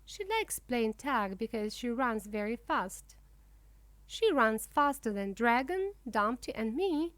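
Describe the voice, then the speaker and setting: A woman reading a children's storybook aloud in a slow, clear way for young English learners. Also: a little high, very animated, a bit bright, dry recording. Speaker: narrator. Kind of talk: children's book read-aloud.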